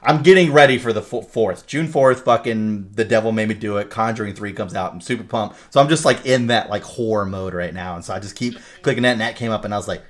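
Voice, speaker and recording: A man co-hosting a podcast, retelling a movie plot in casual, animated talk full of swearing and fillers. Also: lowish voice, quick pace, few pauses. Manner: animated storyteller, heavy swearing, many fillers. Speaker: podcast co-host.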